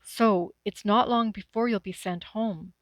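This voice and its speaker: A woman's voice: mid-range voice, measured pace, dry recording, natural voice. Woman reading as a stern, determined teenage girl.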